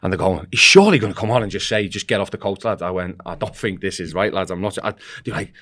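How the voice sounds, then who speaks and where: A low-pitched man talks fast and barely pauses as a guest on a football podcast. He tells a rambling, casual story, restarting as he goes, and animatedly acts out the voices of the people in it.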